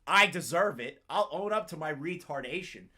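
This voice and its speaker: A man's voice: fairly high pitch, lively intonation, normal speed, pushed and bright. A man streaming live commentary to his chat, ranting in a crude, sarcastic way and rambling with fillers and restarts. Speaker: streamer reacting to online drama.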